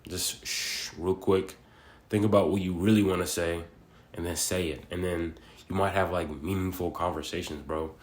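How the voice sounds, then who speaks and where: A man's voice: deep voice, steady tone, moderate pace, darkish tone, reverberant. A young man in his twenties talking in a casual, rambling monologue, full of slang and fillers. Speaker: vlogger.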